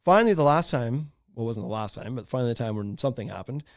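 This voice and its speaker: Male podcast host in his thirties, casual animated storyteller with a lively pitch and frequent laughs. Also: rapid-fire, dry recording, studio quality. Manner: animated, laughing, many fillers.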